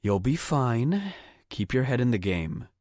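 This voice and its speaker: A man's voice: mid-range voice, big pitch swings, unhurried, a little mellow, no room sound, studio quality, pitched above the performer's own voice. A man voicing a stubborn, teasing young woman in an audiobook. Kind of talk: audiobook character voice.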